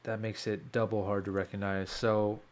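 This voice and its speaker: A young music producer on a livestream, with a lowish voice at a moderate pace, thinks aloud while working. His casual commentary has him questioning his own choices.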